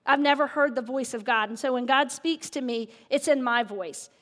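A woman's voice: high voice, normal speed, fairly bright tone. A woman pastor giving a sermon, candid and self-mocking in her delivery. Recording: echoey hall with long reverb.

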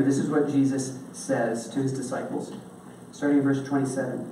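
A preacher talks through a sermon in a loose, everyday way, pausing to check in with "okay?". The voice sits some way from the mic in a very echoey hall. A faint hiss runs underneath. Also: medium pitch, flat delivery, distant mic. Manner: casual, checks in with the listeners by asking "okay?". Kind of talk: conversational sermon.

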